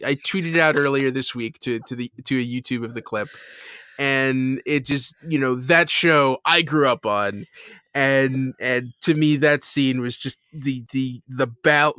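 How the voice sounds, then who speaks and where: A man co-hosts a podcast, chatting casually and rambling with many fillers and restarts while laughing through the retelling of a scene. He has a medium pitch, moderate pace and sharp tone. The sound is clean studio audio without echo.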